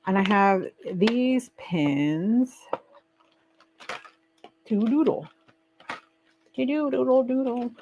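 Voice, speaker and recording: A woman's voice: fairly high pitch, very slow, long pauses, a little hiss or hum. Lazy, chatty woman live-streaming. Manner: chatty, reads and answers viewer comments aloud; relaxed and lazy, trailing off with fillers. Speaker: livestream host. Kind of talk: casual live-stream chat while crafting. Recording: dull lo-fi stream audio.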